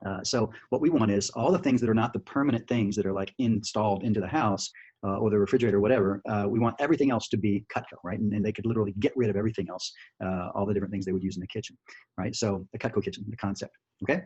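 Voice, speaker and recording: Fast-talking husky man training salespeople. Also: on the low side, a little mellow. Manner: fast, chatty, full of restarts and "right?" checks. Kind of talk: screen-share sales training. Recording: dull lo-fi audio.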